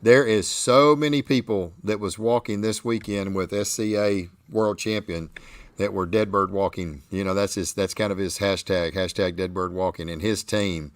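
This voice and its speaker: A man hosting a barbecue talk show, telling stories with animated enthusiasm. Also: low-pitched, moderate pace, no room sound. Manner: animated, enthusiastic storytelling with frequent restarts. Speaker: podcast host. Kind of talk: casual chat.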